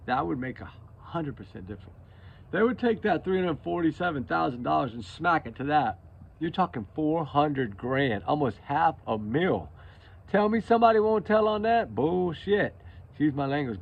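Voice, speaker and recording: A worn-out man talks straight to his viewers in a loose, rambling monologue, circling back to the same words for emphasis. His mid-pitched voice has a gravelly rasp to it. The recording sounds dull and lo-fi. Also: a little hiss or hum. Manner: rambling, emphatic, repeats himself. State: exhausted from lack of sleep. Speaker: true crime commentary channel host. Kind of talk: casual opinion monologue to viewers.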